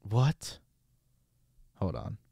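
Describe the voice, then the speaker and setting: A man's voice: very slow, mellow, no room sound, clean studio sound. A man hosting a podcast, giving blunt, rambling, casual commentary with a profane edge. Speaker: podcast host.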